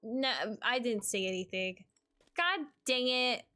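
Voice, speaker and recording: A woman's voice: fairly high pitch, expressive, slow, bright, forceful tone, clean tone, soft background music. A young woman streaming a game, chatting casually and exclaiming with mild minced oaths. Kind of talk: casual gameplay commentary.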